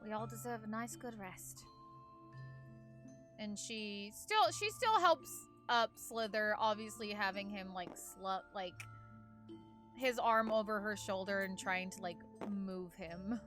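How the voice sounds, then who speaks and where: A woman's voice: mid-range voice, takes it slowly, a bit bright, soft background music. A woman playing in a tabletop game, talking in character in a soothing, reassuring way. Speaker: player. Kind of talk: in-character role-play.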